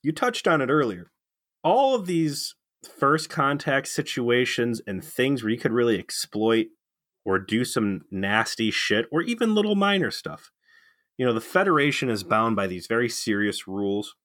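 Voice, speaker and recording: A man's voice: mid-range voice, sing-song, normal speed, a bit bright, dry recording, clean studio sound. A man co-hosting a casual podcast, incredulous and profane as he rants. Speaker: podcast co-host. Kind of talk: casual ranting chat.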